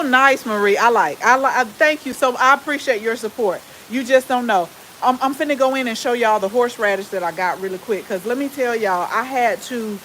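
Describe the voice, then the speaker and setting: A woman with a Southern US accent and a relaxed drawl, chatting casually with viewers as the host of a gardening channel. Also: on the high side, a little hiss or hum, rough recording. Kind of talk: casual live-stream chat with viewers.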